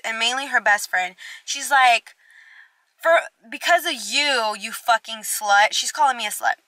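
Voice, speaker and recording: A young woman vlogger with a higher-pitched voice tells a storytime, swearing freely and expressively acting out both sides of each conversation. The recording is dry.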